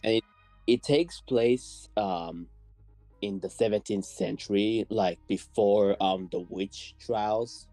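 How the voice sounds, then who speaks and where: A man from Israel with an Israeli accent, a guest narrator answering questions hesitantly with many pauses. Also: fairly low pitch, dark tone, no echo, soft background music. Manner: hesitant, many ums, searching for words. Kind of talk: casual interview chat.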